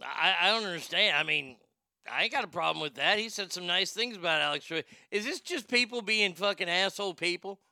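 A man's voice: high voice, expressive, a little fast, vocal fry, pushed and bright, no echo, clean studio sound. A man hosting a commentary show, talking bluntly and profanely, joking and reading posts aloud. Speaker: show host.

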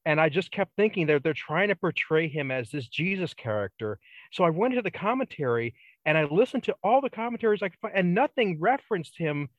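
Man, measured and wry podcast talker, dry close sound with a dull lo-fi tone. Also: fairly high pitch, very animated, no echo. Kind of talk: casual chat.

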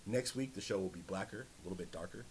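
A man's voice: low-pitched, fast talker, a little hiss or hum. A man hosting a comedic podcast, giving a laid-back, half-formal sign-off for the show. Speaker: podcast host. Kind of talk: casual podcast outro.

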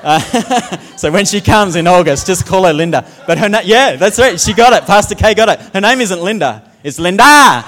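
A male pastor delivers a sermon in a somewhat high voice, mixing humor with his teaching. He drifts into playful impressions of how other people talk. A long reverb trails behind every word, as in a large church hall. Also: expressive, normal speed, a little hiss or hum. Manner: humorous storytelling, mimics accents.

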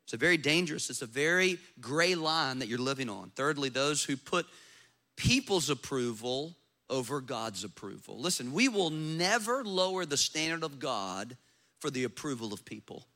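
A man, a pastor preaching a sermon in a church, acting out doubters' voices as he goes. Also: moderate pace. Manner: animated preaching, acts out skeptics in a high voice.

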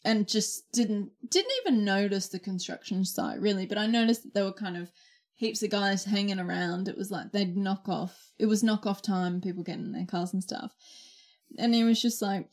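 A woman's voice: medium pitch, normal speed. A young adult woman, chatting casually and exclaiming often as she tells stories. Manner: chatty, exclamatory, lively storytelling. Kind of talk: casual chat.

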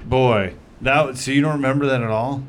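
A man's voice: mid-range voice, steady tone, normal speed, slight background noise. A man hosting a comedy podcast in casual chat, rambling with lots of fillers and narrating an absurd roast story. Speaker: podcast host.

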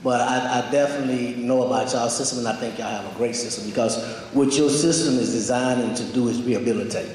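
A man's voice: medium pitch, steady tone, fast talker, hardly any pauses, darkish tone. A man answering audience questions in a casual, emotional way, laughing easily. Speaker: guest speaker taking audience questions. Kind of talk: casual Q&A talk. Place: large hall with audience. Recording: echoey hall with audience.

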